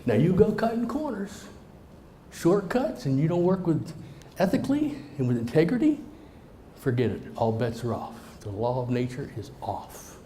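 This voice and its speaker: Man telling stories with a mellow voice. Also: fairly high pitch, very animated, normal speed, slight background noise. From Southern United States. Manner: swings between emphatic loud lines and hushed near-whispered asides. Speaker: motivational speaker. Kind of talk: storytelling speech to a live audience. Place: meeting room with a live audience.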